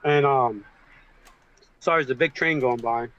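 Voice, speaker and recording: A man on a livestream video call, talking in a halting, emotional way with many fillers. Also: mid-range voice, fairly bright tone, lo-fi sound. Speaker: guest on a livestream. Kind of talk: casual supportive chat. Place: home with a train passing outside.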